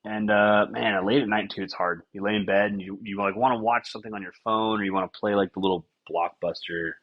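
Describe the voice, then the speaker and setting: A husky young man with a lowish voice riffs on whatever comes to mind, swearing freely and jumping into little acted-out lines. The sound is slightly dull and lo-fi. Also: a little fast. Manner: rambling, profane, animated with acted-out quotes. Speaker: podcast host. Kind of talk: casual comedic monologue.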